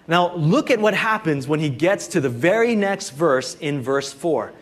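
Pastor, male, fairly high voice, relaxed chatty sermon delivery peppered with fillers. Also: unhurried, hardly any pauses. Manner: conversational preaching with frequent "you know" and "like".

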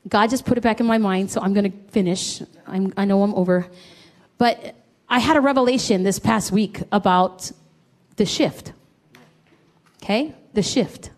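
A woman's voice: medium pitch, moderate pace. A middle-aged woman preaching a sermon, telling a personal story and acting out the dialogue in it. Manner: animated, acts out quoted dialogue.

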